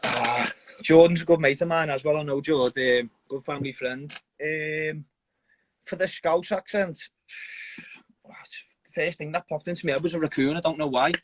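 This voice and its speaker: A young man, an amateur fighter, talking earnestly in a casual interview with halting restarts and casual swearing. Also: a little high, fairly even intonation, no echo. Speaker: amateur MMA fighter, guest.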